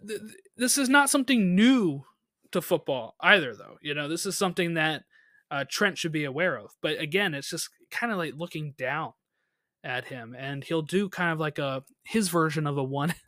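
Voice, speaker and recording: Bright, lively podcast co-host. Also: medium pitch, no echo, studio quality. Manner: animated, quick bursts with laughs. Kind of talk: casual recap chat.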